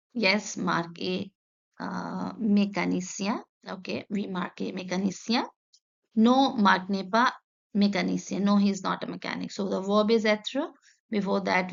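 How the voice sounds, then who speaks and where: A woman teacher, slowly explaining a textbook lesson and repeating each example patiently. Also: mid-range voice, creaky. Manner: patient, repeats each sentence, many "okay"s and "uh"s. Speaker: French teacher. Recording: dull lo-fi recording.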